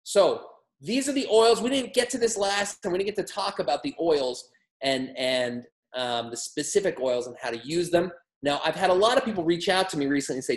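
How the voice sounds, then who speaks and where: A man giving a motivational training talk on wellness products, energetic and emphatic with a humorous streak. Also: a little high, a little fast. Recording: roomy echo.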